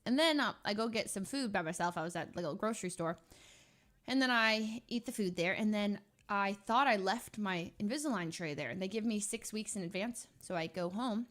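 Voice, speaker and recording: A young adult woman streamer rambling through a casual story, animated and full of filler words. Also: mid-range voice, a little fast.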